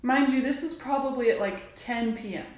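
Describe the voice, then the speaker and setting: A woman telling a bizarre childhood story to her camera in a wry, puzzled, deadpan way. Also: sits high, moderate pace. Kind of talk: casual storytelling to phone camera. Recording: very echoey room.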